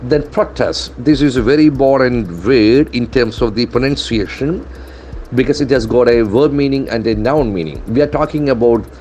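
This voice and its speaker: A man teaching from newspaper headlines, deliberately spelling out and repeating words. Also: mid-range voice, darkish tone, a little hiss or hum. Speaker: English language trainer. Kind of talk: newspaper-based English lesson.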